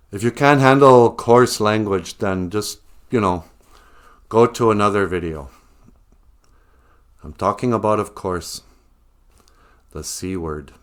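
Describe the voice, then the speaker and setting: A man delivering a mock-serious satirical monologue to camera in a deadpan manner. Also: on the low side. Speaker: comedian vlogger.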